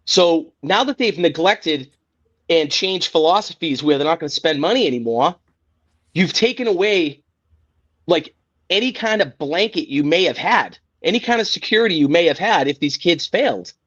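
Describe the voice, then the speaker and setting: On his sports podcast, a man launches into a casual rant that's heated, profane and exasperated. His fairly high, fairly bright voice is expressive and moves at a normal speed, and the lo-fi podcast audio sounds dull.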